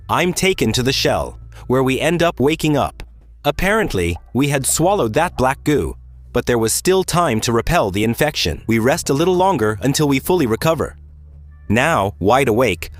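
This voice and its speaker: A man recaps a video game's story in a casual, animated way, swinging his pitch around and throwing in offhand asides. Faint music plays quietly behind his voice. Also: moderate pace. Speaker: gaming YouTuber. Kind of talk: let's-play story narration.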